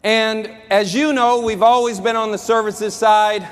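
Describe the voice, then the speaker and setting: A man's voice: high-pitched, steady tone, measured pace. A man giving a fired-up motivational speech as a sales executive at a company event, out of breath and emphatic. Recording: echoey large hall with music.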